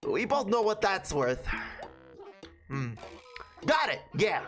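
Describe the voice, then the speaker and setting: A woman voicing a grumpy male mole who lectures the player in a gruff tough-guy drawl. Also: medium pitch, very animated, takes it slowly, faint music behind, pitched below the performer's own voice. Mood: scolding. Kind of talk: reading game dialogue aloud in character.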